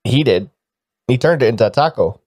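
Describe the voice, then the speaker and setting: A man playing a tabletop role-playing game, calm and dry in his replies. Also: mid-range voice, a little fast, husky, no echo. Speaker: player. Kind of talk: in-character tabletop role-play.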